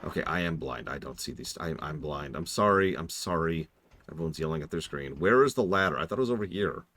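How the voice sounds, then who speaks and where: A man's voice: extremely low pitch, expressive, quick pace, fairly bright tone, slight background noise. A man streaming and reviewing a game in casual, wry, self-deprecating commentary.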